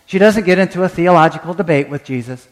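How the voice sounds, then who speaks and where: A man's voice: high voice, fast talker, in a large hall. A man preaching a sermon as pastor, acting out quoted prayers and often restarting his words. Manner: animated, acts out quoted prayers and voices; frequent stammered restarts.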